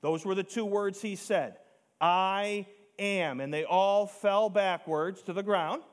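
A man preaching a sermon, emphatic, slowing down to stress key words and rising to near shouts on key points. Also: high-pitched. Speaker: pastor.

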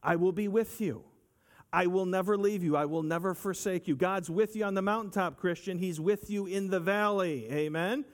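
Earnest male preacher with a higher voice. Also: moderate pace. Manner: earnest, repeats phrases, asks the listeners for agreement. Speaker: pastor. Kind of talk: sermon.

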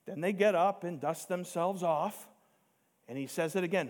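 Pastor, male, fairly high voice, emphatic sermon delivery with slowed-down stresses. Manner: emphatic, rising to near shouts on key points; slows down to stress key words.

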